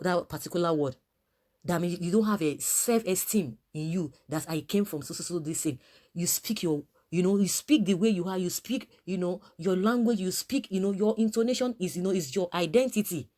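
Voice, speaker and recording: A woman's voice: lowish voice, warm tone. A woman with a Nigerian accent talking through her opinions casually, rambling with many fillers and restarts.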